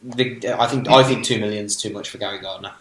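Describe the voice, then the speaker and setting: A British man co-hosting a podcast, talking in a relaxed, matter-of-fact way with dry retorts. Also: lowish voice, brisk, a little hiss or hum. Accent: British English. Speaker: podcast co-host. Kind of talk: casual chat. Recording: echoey room.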